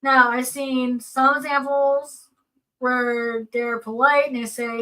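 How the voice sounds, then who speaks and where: Bright high-voiced woman, distant mic. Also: level tone, takes it slowly. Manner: earnest, explanatory, gives personal examples. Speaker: seminar co-presenter. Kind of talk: casual panel talk.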